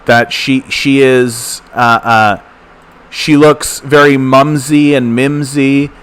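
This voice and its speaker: A man's voice: medium pitch, fairly even intonation, a bit bright, clear, resonant tone. Ranting male livestream commentary host. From Canada. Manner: fast, ranting, repetitive with stammers.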